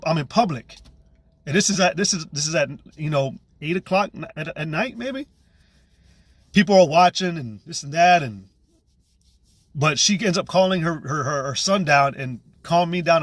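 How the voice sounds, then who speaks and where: A man's voice: fairly high pitch, a bit bright, no room sound. A young man giving a personal testimony in a casual, intense, profane way, with frequent restarts. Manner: intense, profane, with many restarts and "you know"s. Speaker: channel host giving testimony.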